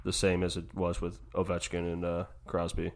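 Low-voiced laid-back dude. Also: male voice, completely flat delivery, moderate pace, creaky. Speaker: podcast co-host. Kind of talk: casual chat.

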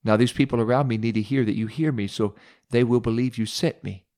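A man voicing Jesus, speaking with calm, commanding authority as he retells a Bible story. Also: mid-range voice, brisk, close to an everyday voice.

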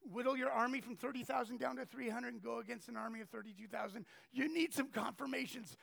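High-pitched gravelly man preaching with stories. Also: fast. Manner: animated, acts out quoted people. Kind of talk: storytelling sermon.

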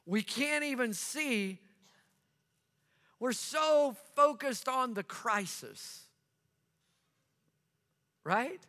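Slow, bright-voiced male preacher. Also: very high voice, animated. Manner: earnest storytelling, repeats phrases for emphasis. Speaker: pastor. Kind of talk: sermon. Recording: long reverb of a large hall.

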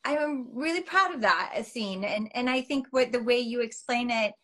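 A middle-aged woman with a fairly high voice chats over a video call. She is animated and self-mocking, and her talk is full of fillers and restarts. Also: normal speed, poor audio. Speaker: guest actress. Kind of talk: casual interview chat.

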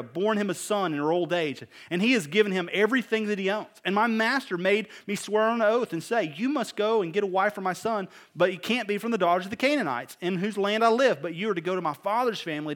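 A man's voice: sits high, a bit bright. A man preaching a sermon to a congregation, reading scripture and adding casual joking asides before building to emphatic appeals. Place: room with a live congregation.

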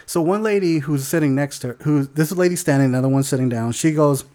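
A man's voice: on the high side, fast talker, dark tone. A man telling a story as co-host of a casual podcast, swearing freely, laughing often and acting out other people's voices.

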